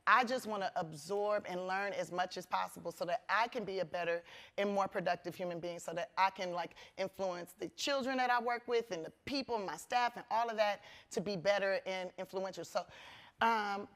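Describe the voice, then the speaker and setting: Animated woman comedian on stage. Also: medium pitch, moderate pace. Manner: animated, acts out voices in quotes; earnest, gets emotional. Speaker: guest comedian. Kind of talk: onstage conversation. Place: conference stage.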